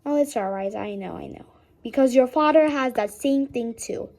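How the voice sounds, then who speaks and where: A woman's voice: on the high side, normal speed, vocal fry, a little mellow. A woman voicing a patient toy-family mom. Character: calm caring mother of a toy animal family. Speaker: toy storyteller voicing all the figures.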